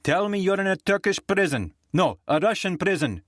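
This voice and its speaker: A man voicing an angry, foul-mouthed female prosecutor with a rasping voice on a phone call in an audiobook. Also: high voice, big pitch swings, normal speed, fairly bright tone, no room sound, studio quality, pitched above the performer's own voice, exaggerated voice. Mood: furious. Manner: swearing, scornful, raucous. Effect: heard over a phone line. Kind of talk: audiobook character voice.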